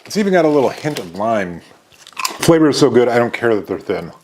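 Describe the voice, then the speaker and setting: Enthusiastic male snack reviewer, casual host, mid pitch, faint background hiss. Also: big pitch swings, brisk, a little mellow. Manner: upbeat, enthusiastic snack tasting with frequent "uh" fillers.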